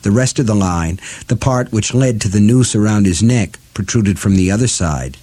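A man narrating a novel as an audiobook reader, with a measured, even delivery. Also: lowish voice. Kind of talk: scripted narration.

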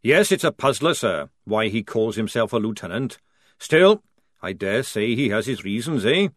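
A man's voice: fairly low pitch, big pitch swings, normal speed, no echo, studio quality. A man doing a wily old army sergeant. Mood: knowing. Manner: gruff, conspiratorial, says sir a lot. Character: wily, knowing older male army sergeant.

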